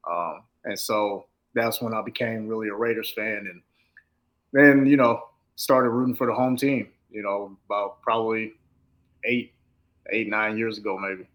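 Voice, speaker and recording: A man in his thirties, a football coach, talking easily and calmly as a podcast guest. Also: fairly low pitch, a little slow, low-quality recording. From Los Angeles. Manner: laid-back, easygoing, some stammering restarts. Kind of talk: casual interview chat.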